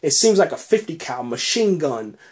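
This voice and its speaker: A man hosting a podcast, recapping a TV episode in an excited, casual way, often chuckling and saying "man" between phrases. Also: on the high side, normal speed. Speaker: podcast host reviewing a TV episode.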